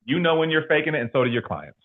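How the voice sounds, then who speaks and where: A young man from California in his twenties, giving a motivational sales team talk as an animated, slangy storyteller. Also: on the high side, fast talker. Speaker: insurance sales trainer. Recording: tinny phone-like sound.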